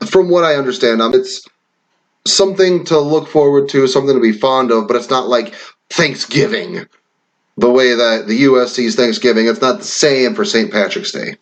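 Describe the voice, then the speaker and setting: A man from Wisconsin, USA, talks casually as he takes online quizzes for his vlog, reading the questions and riffing with occasional cursing. He speaks in a mid-range voice at a moderate pace.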